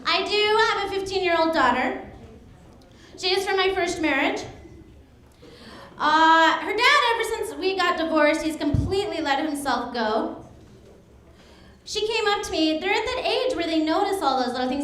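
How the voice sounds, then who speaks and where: High-pitched comedian lady, bouncy and jokey, laughing at her own bits, echoey club. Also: expressive, moderate pace, long pauses, fairly bright tone. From United States. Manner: bubbly, laughs at her own jokes, acts out voices. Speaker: stand-up comedian. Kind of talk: stand-up comedy set.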